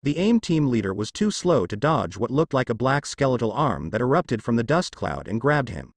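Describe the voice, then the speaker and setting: A man narrating a fanfiction story in a steady storytelling manner. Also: medium pitch, normal speed, no echo. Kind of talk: fanfiction reading.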